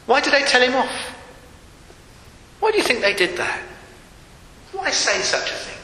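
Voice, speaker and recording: A man preaching a sermon who asks his listeners one rhetorical question after another and acts out quoted cries, some shouted and some murmured. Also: extremely high pitch, sing-song, normal speed, pauses often, very echoey, long reverb tail, a little hiss or hum, rough recording.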